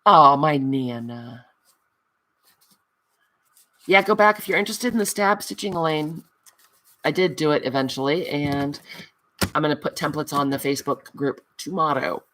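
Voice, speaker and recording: The voice is low, steady, fairly quick and a bit bright: a woman host finishing a craft livestream in casual chat. She answers viewers' comments as she reads them, pokes fun at herself, and lovingly addresses them as honey.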